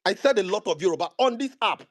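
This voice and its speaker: Defensive Nigerian man, fairly high voice. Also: expressive, fast talker, fairly bright tone. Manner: defensive, insists he is right. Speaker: debate participant. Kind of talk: heated argument.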